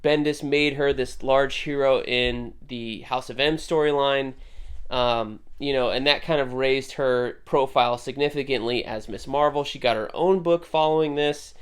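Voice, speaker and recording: Hosting a casual video reviewing comics, a man speaks in a smooth, steady, medium-pitched voice at a moderate pace. He's conversational and rambling, often going back to fix what he just said.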